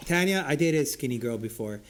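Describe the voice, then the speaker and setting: A middle-aged man co-hosting a podcast, a little drunk, talking in an animated, repetitive way and swearing freely. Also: medium pitch, fairly quick. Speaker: podcast co-host. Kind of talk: casual chat, reading reviews aloud.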